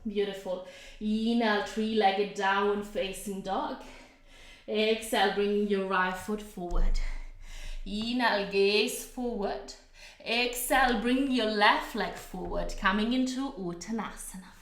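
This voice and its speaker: A woman leads a yoga class at home, calling out each inhale and exhale in a slow, unhurried rhythm. Her voice sits in a middle range and carries a clear echo from the room. She cues every pose calmly and encourages the listener throughout. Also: mid-range voice. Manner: calm breath-paced cueing, slow and encouraging. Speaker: yoga teacher. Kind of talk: guided yoga class instruction.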